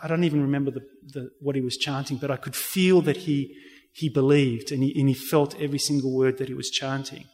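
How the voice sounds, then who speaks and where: A man's voice: medium pitch, steady tone, fairly quick, few pauses, darkish tone. Earnest man in a reverberant room. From Australia. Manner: earnest storyteller, many restarts. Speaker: interview guest. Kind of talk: personal faith testimony. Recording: reverberant hall sound.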